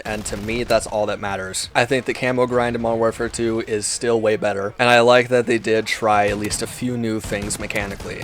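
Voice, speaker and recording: A man's voice: medium pitch, a little hiss or hum. A man who makes gaming videos, in an exasperated, rambling rant full of swearing. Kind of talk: unscripted rant to camera.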